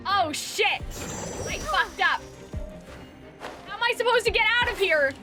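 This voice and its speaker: A young woman streaming a video game, who rambles excitedly, screams a lot, and peppers her talk with like and bestie. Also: extremely high pitch, moderate pace, pauses often. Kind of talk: casual live gameplay commentary. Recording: home streaming mic with game music playing.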